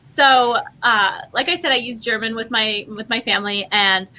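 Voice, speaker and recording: A woman's voice: a little high, normal speed, sharp tone, slight background noise. A woman guest telling a rambling personal story in casual podcast chat, full of fillers and self-corrections, acting out what people said. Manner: chatty, rambling, many fillers and self-corrections, acts out quotes. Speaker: guest, language program founder.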